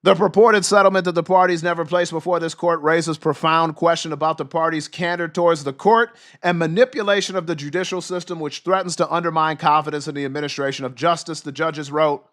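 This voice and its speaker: Male streamer, a touch high-pitched, shouting with passion and wearing out his voice while he reads and reacts. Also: fairly even intonation, brisk, few pauses. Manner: loud, fired-up, profane, shouts with passion. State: losing his voice. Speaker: livestream host. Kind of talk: livestream commentary and news reading.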